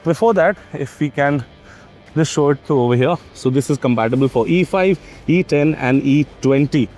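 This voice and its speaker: A man's voice: on the high side, normal speed, a little mellow, faint music behind. A man reviewing a car on the spot, chatty, pointing out details with frequent fillers. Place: at a parked car, on site.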